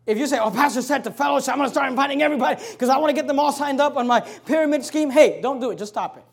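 A man preaching as a pastor, forceful and direct, reading scripture loudly and slowly, then rushing through quick asides to the congregation. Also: very high voice, gravelly. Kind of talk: sermon.

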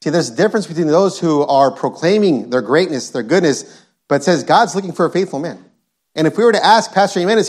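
Man, preacher, sermon, emphatic, repetitive, slightly high voice. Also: expressive, fast, darkish tone, breathy edge. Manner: emphatic, repetitive, quotes scripture.

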